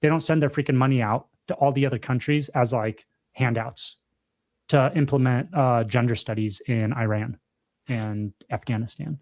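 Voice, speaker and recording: A young man in casual podcast chat, pressing his points hard and saying them twice. He drops dude and bro as he goes, with an ordinary middle pitch. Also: steady tone, moderate pace, a little mellow. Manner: emphatic, repeats himself, says dude and bro. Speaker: podcast co-host.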